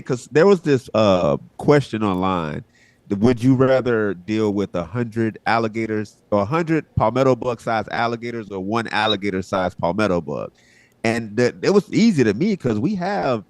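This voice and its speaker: A relaxed man from Southwest Florida, guesting on a live show and telling stories in a rambling, casual way. His voice sits low and comes across dry and close, with little room sound. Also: no room sound. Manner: relaxed, rambling, acts out quotes. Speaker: guest, social media comedian. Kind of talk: casual interview chat.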